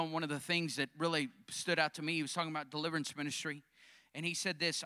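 A man's voice: on the high side, bright, forceful tone. A male pastor preaching a sermon, calling out questions to the congregation.

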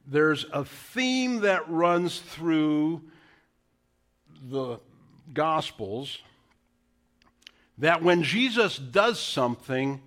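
A male pastor preaching in a slow, deliberate way with a lively, swinging pitch that sits a bit high. He acts out the quotes, dropping to a hush and then rising to a call. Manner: animated preaching, quotes scripture in hushed and raised voices. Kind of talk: sermon.

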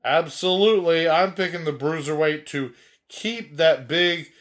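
A man's voice: fairly high pitch, a little slow, fairly bright tone. A young man from the States riffs through podcast banter in a slightly raised register. He jokes around playfully and keeps laughing between lines. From United States. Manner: jokey, playful, laughs often. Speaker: podcast co-host.

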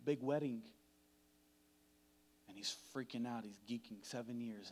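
A man preaching a sermon in a dramatic, chatty way, swinging from hushed to loud. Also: mid-range voice, a little slow. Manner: conversational, uses "like" often.

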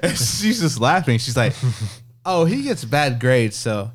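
A man's voice: mid-range voice, measured pace. A man co-hosting a podcast, telling stories in casual chat and laughing as he goes. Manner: lively, laughs through his stories. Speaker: podcast co-host.

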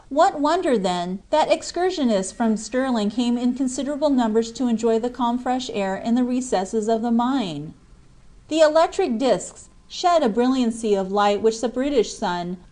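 A woman reading a classic novel aloud as an audiobook, in a clear, measured, expressive narration. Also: fairly high pitch. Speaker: audiobook reader. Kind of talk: scripted narration.

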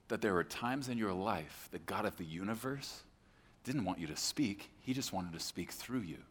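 A man preaching a sermon as pastor on a church stage, emphatic, swinging between hushed and loud. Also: mid-range voice. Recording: echoey hall with long reverb.

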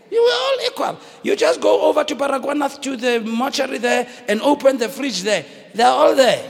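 A man with a South African accent preaching a sermon, shouting and dramatic, switching between languages. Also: very high voice, creaky. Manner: fiery, shouting, code-switching, theatrical. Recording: reverberant hall with faint noise.

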